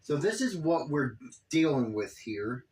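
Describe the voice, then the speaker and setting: Slow, exasperated man ranting. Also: fairly high pitch, sing-song, noisy background. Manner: exasperated, profane, rambling. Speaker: video commentator. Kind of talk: casual reaction commentary.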